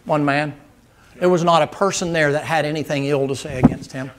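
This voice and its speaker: A man's voice: fairly high pitch, a little fast, background noise. A man preaching a sermon in a folksy, storytelling manner. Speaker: guest preacher.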